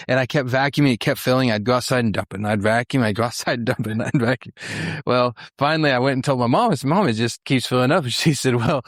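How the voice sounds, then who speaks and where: A man's voice: mid-range voice, dry recording. Middle aged guy from oklahoma telling mission stories at church, folksy and earnest, dry close sound. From Western Oklahoma, USA. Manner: folksy, earnest, with fillers and restarts. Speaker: missionary speaker. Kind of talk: church mission presentation, storytelling.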